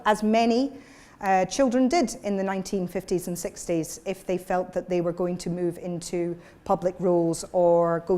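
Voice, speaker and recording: A woman communications coach giving a workshop lecture, lively and demonstrative with her audience. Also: on the low side.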